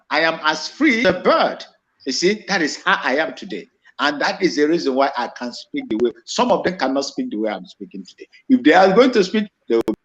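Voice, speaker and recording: A man with a Nigerian accent and a slightly high, fairly bright voice speaks as a commentator. His monologue is impassioned and repetitive, with emphatic restarts, and the recording is dull and lo-fi.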